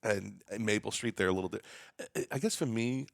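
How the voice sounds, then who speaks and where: A man's voice: fairly low pitch, fairly quick, vocal fry, dry recording, studio quality. A man from Long Island with a New York accent, a DJ chatting as a podcast guest and acting out quotes as he tells stories. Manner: animated storyteller, acts out quotes. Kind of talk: casual podcast chat.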